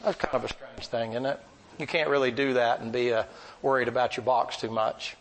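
A man's voice: medium pitch, steady tone, fairly quick, rough recording. A man preaching a sermon, telling folksy, rambling stories in plain country talk. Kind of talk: storytelling sermon.

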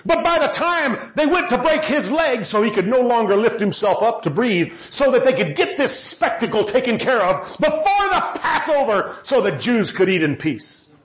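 A man preaching a sermon with passion, moving between loud shouting and low, quiet lines. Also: very animated, normal speed, hardly any pauses, roomy sound, dull audio.

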